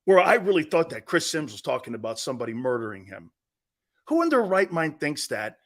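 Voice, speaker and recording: A man's voice: on the high side, very animated, brisk. A man hosting a sports talk show, ranting with emphatic, combative opinions and repeating himself for emphasis.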